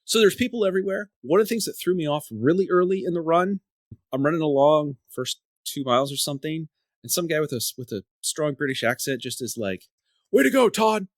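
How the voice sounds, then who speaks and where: A man's voice: fairly high pitch, fairly quick, dry recording, studio quality. A man hosting a podcast in casual chat, telling a story in a rambling way and often repeating and restarting his words. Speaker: podcast host.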